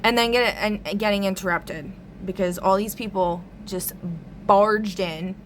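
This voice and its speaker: A woman's voice: medium pitch, slight background noise. A woman talking through a strange dream in a loose, rambling vlog monologue, full of "like" and casual swearing. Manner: rambling, lots of "like", frequent swearing. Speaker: tarot reader recounting a dream.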